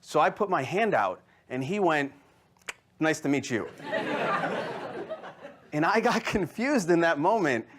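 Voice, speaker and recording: A man's voice: fairly high pitch, animated, a little slow, long pauses, very noisy. A man in his thirties doing a stand-up comedy set before a live audience, telling stories with quoted voices and asides to the crowd. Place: live venue with audience laughter.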